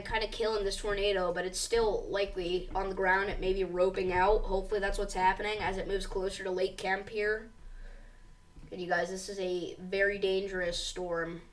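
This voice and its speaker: A woman's voice: mid-range voice, far from the mic. Woman giving urgent live storm coverage. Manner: urgent, reads warnings aloud, addresses viewers as you guys. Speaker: severe weather livestream host.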